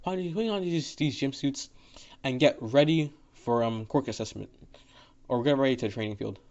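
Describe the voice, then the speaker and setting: A weary male teacher with a flat, curt monotone and a mid-range voice, as a man puts him on in a fan story. he stumbles over his orders. the audio is dull and lo-fi. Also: medium pitch, brisk, lightly acted. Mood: bored.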